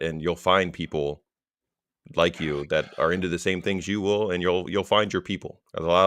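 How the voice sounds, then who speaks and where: Man, podcast co-host, very deep, encouraging, dry close-mic sound. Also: dry recording. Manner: sincere and encouraging, steady delivery. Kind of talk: casual podcast talk.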